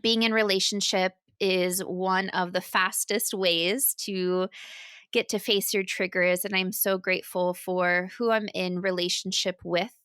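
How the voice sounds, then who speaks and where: A woman co-hosting a casual spiritual podcast, congested from a cold, talking slowly and reflectively. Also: medium pitch, steady tone, a bit bright, clean tone, no room sound, studio quality. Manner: slow and reflective, laughs often. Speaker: podcast co-host.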